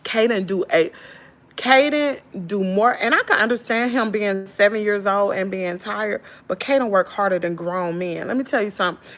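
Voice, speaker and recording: A tired woman in her thirties with a Southern US accent, venting in casual chat to her viewers, swinging from loud exclaims to low muttering. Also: moderate pace. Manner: folksy slangy talk, addresses viewers as y'all. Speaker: channel host.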